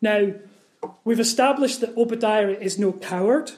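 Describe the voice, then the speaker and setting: A preacher delivering a sermon in an earnest, searching way. The voice sits at a middling pitch, often doubling back on words and turning to the listeners with questions. It sounds like a talk given to a congregation. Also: a little slow, darkish tone. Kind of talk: sermon on a Bible passage.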